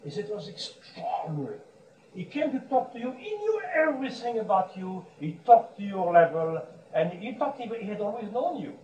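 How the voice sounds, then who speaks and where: A man's voice: sits high, very animated, moderate pace, a little mellow, highs cut off. A man giving a sermon as a monk, telling stories with frequent chuckles and restarts. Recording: roomy echo, distant mic, faint background hum.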